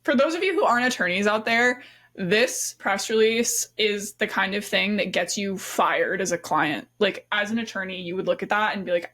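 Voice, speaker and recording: A woman co-hosts a casual podcast chat in a mid-range voice. She talks in an animated, chatty way and breaks into laughter easily. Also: mid-range voice, moderate pace. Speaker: podcast co-host.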